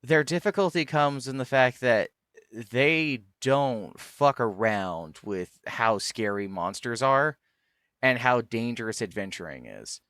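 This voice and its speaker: Man, streamer, casual chat, enthusiastic, restarts sentences, smooth voice, dry close sound. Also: mid-range voice, takes it slowly, no room sound. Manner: relaxed, enthusiastic, stumbles and restarts.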